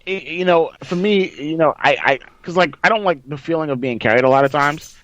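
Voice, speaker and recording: A man hosting a casual gaming podcast, telling a story excitedly and bursting into loud reenactments. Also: fairly high pitch, fairly quick. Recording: dry, slightly dull sound.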